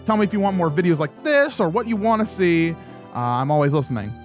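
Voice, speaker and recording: A man's voice: high-pitched, big pitch swings, fast. A man hosting a gaming video, giving scripted commentary with playful asides. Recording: faint background music.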